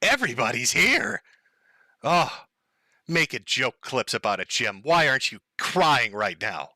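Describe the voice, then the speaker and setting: Sarcastic man, bright and lively. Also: mid-range voice, a little slow, no room sound, clean studio sound. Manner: sarcastic, mocking, laughs often. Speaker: live stream host. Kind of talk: live stream commentary.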